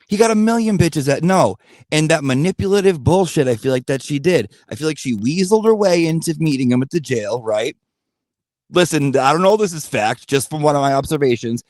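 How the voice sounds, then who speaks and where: A man's voice: on the high side, expressive, brisk, a little mellow, no echo, studio quality. A man telling a blunt, profane gossip story in a rambling rant-style monologue. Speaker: channel host.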